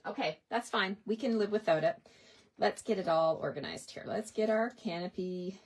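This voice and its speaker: A woman's voice: medium pitch, normal speed, husky. A woman from Canada demonstrating a paper craft in a casual tutorial. She chats with viewers, talks to herself as she works and laughs often. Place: home craft desk.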